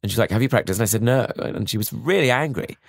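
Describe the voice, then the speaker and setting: A man's voice: medium pitch, lively intonation, quick pace, creaky, no room sound, studio quality. A man with an old-fashioned posh English accent, a guest in casual chat, telling self-mocking stories in a mannered way.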